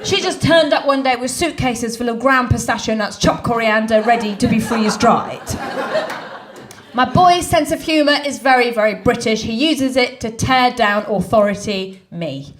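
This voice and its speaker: A woman comedian telling stand-up stories, lively and quick to act out the quotes. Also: fairly high pitch. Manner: lively storytelling, acts out quotes.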